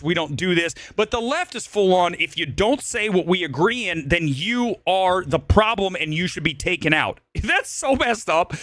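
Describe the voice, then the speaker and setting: On his livestream about movies, a male host launches into a blunt, emphatic commentary rant, looping around to restate his arguments. The recording is dry, and his high voice carries a fairly bright tone.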